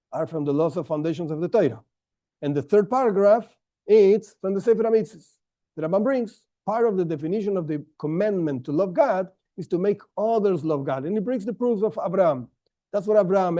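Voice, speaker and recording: A man's voice: sits high, a little fast, mellow. Man teaching a Torah class, stressing words. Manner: explanatory, stresses key words, frequent restarts.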